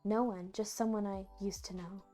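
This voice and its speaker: A woman voicing an earnest young princess in her own fairly high voice, soft and hushed, reading from a storybook fanfic. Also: steady tone, moderate pace, faint music behind, natural voice.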